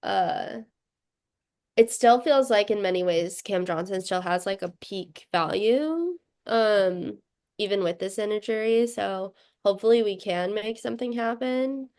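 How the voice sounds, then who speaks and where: A woman's voice: mid-range voice, a little slow, a little mellow, smooth. A young woman co-hosting a sibling podcast, chatting casually about basketball and laughing through her stories. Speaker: podcast co-host. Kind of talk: casual sports chat.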